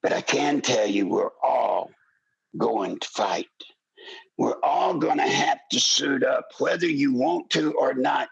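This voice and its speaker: An older man hosting a political talk radio show, speaking with a gravelly voice in an impassioned, pleading monologue that rises into shouts. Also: mid-range voice, poor audio.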